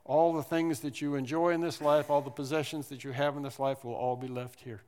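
A man preaching a sermon, animated, repeating phrases and acting out the people in the story. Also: medium pitch, fairly quick. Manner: animated preaching with repetitions and acted-out quotes. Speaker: pastor. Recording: long hall reverb.

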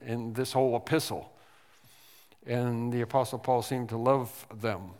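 A male pastor delivering a sermon in a church sanctuary, his speech slow and measured. He hammers home single words with sudden emphasis, and a long hall reverb trails each phrase. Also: mid-range voice, fairly even intonation, a little mellow. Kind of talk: expository sermon.

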